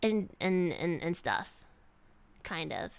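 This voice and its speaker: A woman's voice: lowish voice, sing-song, takes it slowly, vocal fry, clear, resonant tone, dry recording. A young woman streamer chatting casually with her live chat, rambling with lots of "like" and restarts.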